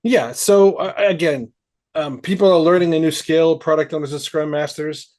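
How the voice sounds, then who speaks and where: A man on a panel, speaking in a measured, conversational way with frequent ums and uhs. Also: fairly high pitch, a little mellow. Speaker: agile coach, panel guest.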